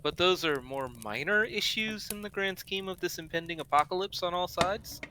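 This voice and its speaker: A man's voice: high-pitched, normal speed, background noise. A man tabletop player speaking in character with dry, understated humor. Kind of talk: in-character role-play.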